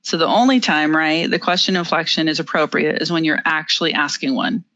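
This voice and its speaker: A presenter teaching interview skills in a webinar, explaining each step clearly with the odd filler and small laugh. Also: mid-range voice, steady tone, a little fast, bright, forceful tone, no room sound, highs cut off. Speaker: webinar presenter on body language. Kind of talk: instructive presentation.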